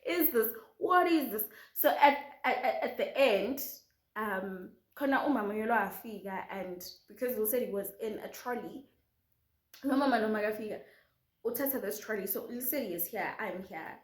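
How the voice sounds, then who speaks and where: A young South African woman vlogger, telling a story with animated drama and switching quickly into isiZulu. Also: medium pitch. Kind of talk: storytime vlog. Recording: roomy echo.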